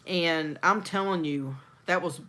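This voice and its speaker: A woman from Texas, chatting as a host. Her voice is bright and lively, and she acts out other people's lines as she tells stories. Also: fairly low pitch, unhurried. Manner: animated storyteller, acts out quotes. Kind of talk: casual chat.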